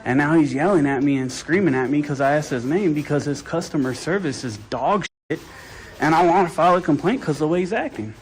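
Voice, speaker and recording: A man's voice: fairly high pitch, a little fast, poor audio. A man talking to his own camera, indignant and complaining as he films a dispute. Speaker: video-recording visitor. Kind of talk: self-narrated confrontation vlog.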